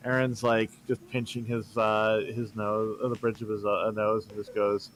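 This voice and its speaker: A man's voice: fairly low pitch, little pitch movement, slight background noise. Man narrating a casual tabletop game. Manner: casual, halting narration with many fillers. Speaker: game master.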